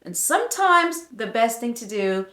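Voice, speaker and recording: A woman nurse talks straight to the viewer, chatty and emphatic, giving health advice in a casual vlog. Her voice sits a little high and she takes her time with each phrase. The room around her rings with echo. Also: sing-song, a little slow, pushed and bright.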